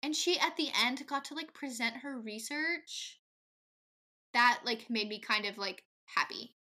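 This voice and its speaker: A woman's voice: a little high, unhurried, pushed and bright. A woman co-hosting a podcast, chatting playfully and joking, with lots of "like". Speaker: podcast co-host. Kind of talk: casual chat recapping a movie.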